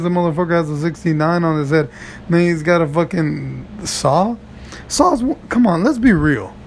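A gravelly man rants profanely in a stand-up style. His voice sits fairly high and leaps from low mutters to high shouts. Faint noise runs behind him.

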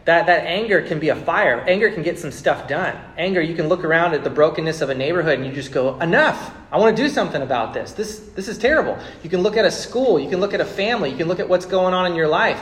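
Conversational male pastor in an echoey church. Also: on the high side. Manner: conversational, repeats words, builds to emphatic outbursts. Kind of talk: sermon. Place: church sanctuary with congregation.

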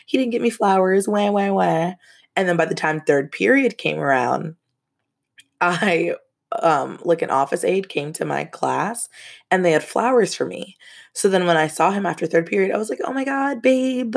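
A woman's voice: deep voice, creaky. A young woman hosting a casual podcast, telling a story with frank, profane asides and laughs.

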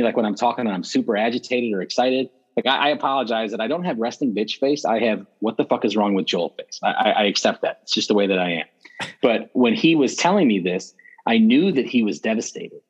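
A man speaking as a podcast guest, telling stories in a blunt, profane, animated way. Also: medium pitch, slightly rough, dull audio. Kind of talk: casual conversational interview.

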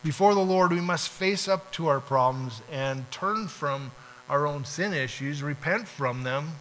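Unhurried and a bit bright, this man's voice sits on the high side as he preaches. The pastor talks casually, acting out little prayers and dialogues, on a rough recording with slight background noise.

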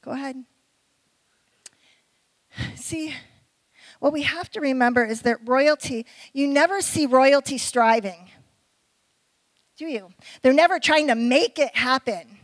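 Middle-aged woman preacher, conversational sermon style, high-pitched, dry sound. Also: no echo, poor audio. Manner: conversational, with quick asides and questions to the audience.

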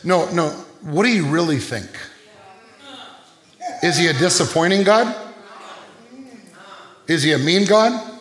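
A man with a high voice preaches a sermon, firing off questions and calling for responses. The sound rings out in an echoey room. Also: expressive, normal speed, long pauses, fairly bright tone. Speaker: pastor.

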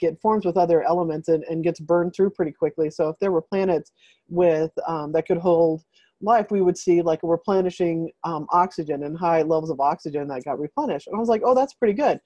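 A woman's voice: fairly low pitch, no echo, lo-fi sound. A woman hosting a group video call, telling a story in a rambling, casual way full of fillers. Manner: rambling, filler-heavy, animated retelling.

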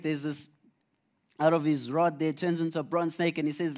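Guy preaching a casual sermon, kinda higher voice, earnest, retells stories and restarts a lot. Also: fairly even intonation, normal speed, pauses often, darkish tone. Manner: earnest storytelling with frequent restarts. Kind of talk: conversational sermon.

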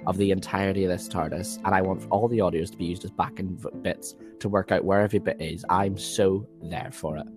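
A man's voice: low-pitched, steady tone, fairly quick, few pauses, over music. A man, a podcast guest, chatting playfully and theatrically. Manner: playful, theatrical, bursts into quoted voices. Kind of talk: casual chat.

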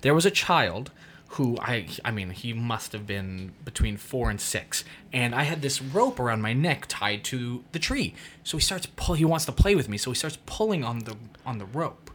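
A man's voice: medium pitch, moderate pace, a little hiss or hum. A male actor telling a funny story in casual conversation, laughing often as he talks. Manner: laughs often, lively anecdote.

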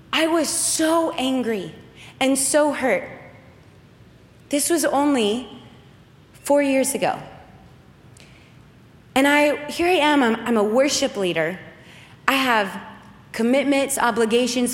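A woman's voice: high-pitched, long reverb tail. A woman in her thirties, a worship leader, telling a personal faith story in an earnest, emotional sermon style.

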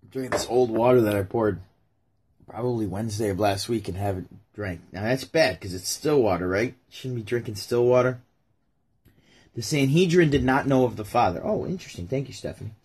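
A man's voice: lowish voice, a little fast, darkish tone, breathy edge. A man who hosts his own channel reads scripture aloud and comments on it, rambling and joking as he talks straight to his viewers. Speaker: YouTuber and podcaster. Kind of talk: casual Bible reading and commentary.

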